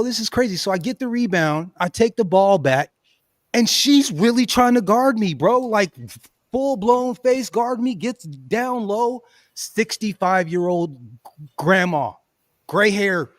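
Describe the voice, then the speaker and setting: Male host, high voice, dry close sound; animated storyteller who laughs a lot. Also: dry recording. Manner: animated, laughs often, says "bro" and "you know what I'm saying". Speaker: podcast host. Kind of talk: casual storytelling chat.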